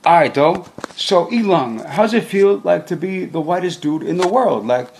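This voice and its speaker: A man's voice: high-pitched, animated, normal speed, vocal fry, darkish tone, a little hiss or hum. A man improvising a rambling, slangy comedic rant as host, mock-interviewing someone.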